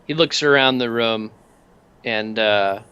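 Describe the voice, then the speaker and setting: A man's voice: medium pitch, slow, pushed and bright, clear, resonant tone. A man narrating a tabletop game as game master, describing scenes loosely with many fillers.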